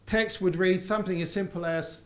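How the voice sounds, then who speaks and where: A man's voice: high-pitched, steady tone, brisk. A man teaching a live property seminar, quizzing his audience in call-and-response. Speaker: property course trainer. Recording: roomy seminar hall sound.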